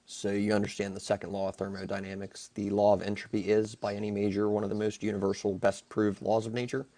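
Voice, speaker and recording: A man in a debate, laying out his argument in a steady, lecturing way. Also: fairly low pitch, quick pace, no echo. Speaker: debate participant. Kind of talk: reciting arguments.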